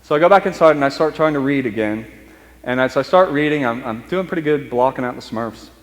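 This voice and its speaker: A man gives a sermon as a personal story, in a conversational way with restarts and slow, stressed phrases. His voice sits at an ordinary middle pitch. The sound has a long church reverb. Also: expressive. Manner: conversational, halting restarts, speeds up and slows for emphasis. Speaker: priest.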